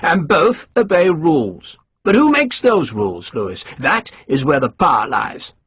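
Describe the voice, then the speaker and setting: A man putting on a suave, scheming English colonel in an audiobook, smooth and condescending with a somewhat high, husky voice. His lines rise and fall in a lively, lecturing way. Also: measured pace, no echo, exaggerated voice.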